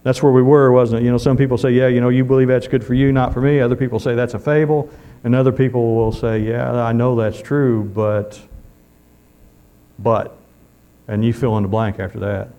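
A man's voice: medium pitch, little pitch movement, brisk, mellow. A man preaching a sermon in a folksy way, calling out amen often.

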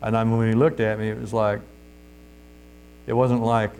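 A man's voice: fairly low pitch, level tone, normal speed, darkish tone, a little hiss or hum. A middle-aged man preaching informally as a street preacher, telling stories in a folksy way with laughs and calls of "Amen?". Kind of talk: informal testimony sermon.

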